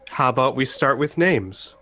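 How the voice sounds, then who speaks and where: A man playing his character in a tabletop game, speaking slowly and measured. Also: medium pitch, expressive, pushed and bright. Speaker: player.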